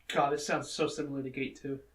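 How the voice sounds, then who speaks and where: A man co-hosting a casual movie review show, with quick, jokey reactions. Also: medium pitch, flat delivery. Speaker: podcast co-host.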